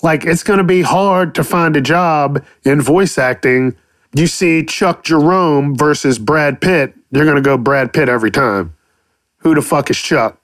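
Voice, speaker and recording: A man's voice: fairly high pitch, unhurried, a bit bright, dry recording, clean studio sound. A man hosting a podcast, rambling casually and cursing freely while he muses on voice acting. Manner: profane, rambling, playful silly voices. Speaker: podcast host. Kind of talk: casual solo podcast monologue.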